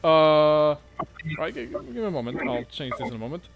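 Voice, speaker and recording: A man's voice: fairly high pitch, very animated, brisk, creaky, crowd noise. A man running a tabletop game as dungeon master, talking casually with many fillers and swearing often.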